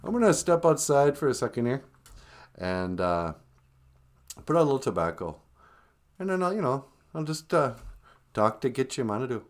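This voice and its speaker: Man hosting a livestream, lively pitch, jokey storyteller, middle-pitched voice. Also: moderate pace, long pauses. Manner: joking storyteller, acts out voices. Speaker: livestream host. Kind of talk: casual livestream chat.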